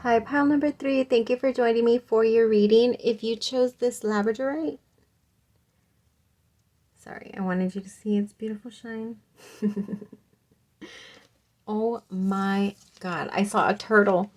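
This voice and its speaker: A woman's voice: on the high side, fairly even intonation, a little slow, long pauses, a little mellow. A young woman chats her way through a pick-a-card tarot reading. She giggles often and fills her talk with "like" as the cards come up. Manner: giggly, chatty, says "like" often. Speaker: tarot reader.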